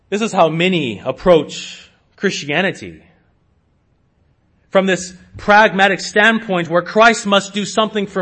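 A man preaching a sermon to his congregation, slow and emphatic, with sudden rises in pitch and loudness. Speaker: pastor.

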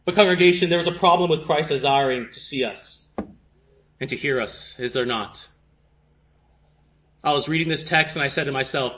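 A man's voice: a little high, normal speed, dull audio. Impassioned male preacher in an echoey room. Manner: impassioned, swings from hushed to fervent; repetitive rhetorical questions. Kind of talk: sermon.

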